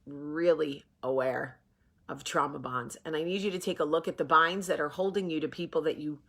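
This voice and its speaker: A woman's voice: low-pitched, a bit bright. A woman from New Jersey in her forties, chatting casually to camera and acting out the people in her stories. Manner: chatty storyteller, acts out voices in anecdotes. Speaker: vlog host. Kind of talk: casual morning chat to camera.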